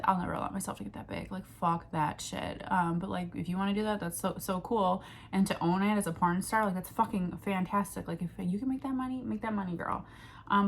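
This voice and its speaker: A young woman talks straight to camera in a casual venting vlog. She rambles, restarts and swears freely as she jumps between thoughts, over a faint hum of background noise. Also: medium pitch. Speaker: vlogger.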